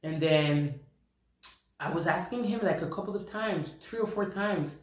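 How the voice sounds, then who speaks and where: Animated man telling a personal story. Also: a little high, measured pace. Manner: animated, repeats himself while recounting. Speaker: vlogger. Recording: roomy echo.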